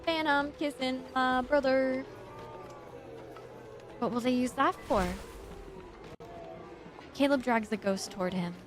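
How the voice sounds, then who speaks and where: A young woman streaming a game, gushing and stammering with excitement as she reads the story aloud at a desk microphone. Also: high-pitched, slow, pauses often, music in the background. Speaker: VTuber streamer. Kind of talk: game playthrough with reaction and read-aloud narration.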